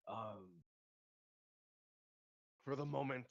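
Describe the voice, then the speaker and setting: Man playing an older barbarian dad, measured, thoughtful, keeping his cool, lo-fi mic. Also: mid-range voice, creaky. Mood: concerned. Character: older barbarian father, calm but irritated.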